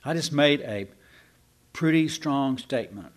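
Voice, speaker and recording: A man preaching a sermon, slow and emphatic, asking rhetorical questions and sometimes restarting mid-phrase. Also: mid-range voice, animated.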